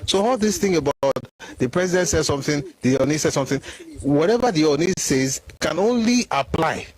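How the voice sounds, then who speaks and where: A man with a Nigerian Yoruba accent delivers a heated solo monologue, his voice pitched somewhat high. He sounds indignant and combative, often circling back to repeat his points. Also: animated, fairly quick, poor audio. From Ife, Nigeria. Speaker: commentator.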